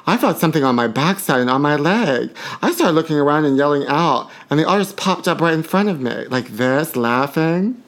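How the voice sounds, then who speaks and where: Sassy gossiping podcast host. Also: male voice, on the high side, lively intonation, fairly quick, hardly any pauses, a bit bright. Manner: reads tabloid items aloud with sassy asides and giggles. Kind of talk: campy gossip commentary.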